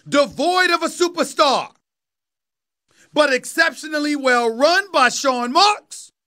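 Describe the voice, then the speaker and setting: Speaking as a sports talk host, a man in his fifties from New York City delivers an emphatic, preachy monologue, circling back to the same phrases to make them stick. His voice sits unusually high and comes across bright and forceful.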